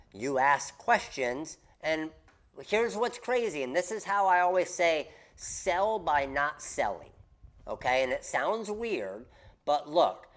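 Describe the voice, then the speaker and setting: On a casual craft business livestream, a man with a fairly high voice coaches viewers animatedly and emphatically, repeating his key points.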